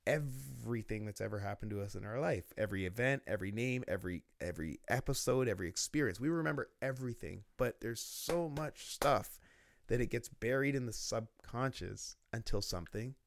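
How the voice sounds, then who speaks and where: A man talking as a guest in a casual interview, telling lively stories about business and laughing often. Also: medium pitch, brisk, gravelly, dry recording, clean studio sound. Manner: storytelling, animated, laughs often.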